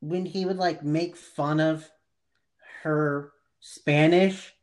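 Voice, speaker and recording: A man co-hosting a podcast, talking casually about a TV series in halting, trailing phrases. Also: fairly high pitch, steady tone. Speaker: podcast co-host. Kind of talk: casual chat reviewing a TV series.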